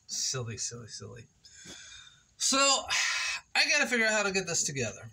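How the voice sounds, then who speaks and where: A man's voice: medium pitch, sing-song, normal speed, gravelly, bright, forceful tone, husky. A man chatting casually to his viewers while building a wooden project at his kitchen table, playful and joking at himself. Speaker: woodworking vlogger.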